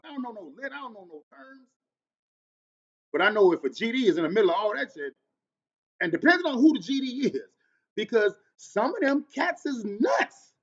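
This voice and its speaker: High-voiced man hosting a podcast. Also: highs cut off. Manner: storytelling, wide swings in loudness and pitch; uses Black American vernacular. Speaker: podcast host. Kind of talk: casual solo podcast monologue.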